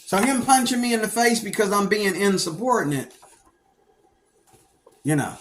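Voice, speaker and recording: Man, middle-aged, from Pennsylvania, casual rambling monologue, fairly high voice, loud when quoting others. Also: normal speed. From Pennsylvania, United States. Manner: rambling, animated, acts out quoted people with sudden loud outbursts. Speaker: storyteller recounting his past.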